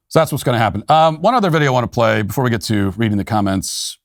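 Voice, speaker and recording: A man's voice: mid-range voice, expressive, very fast, hardly any pauses, no room sound, studio quality. A man hosting a commentary show, talking casually with sarcastic, wry asides. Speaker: podcast host.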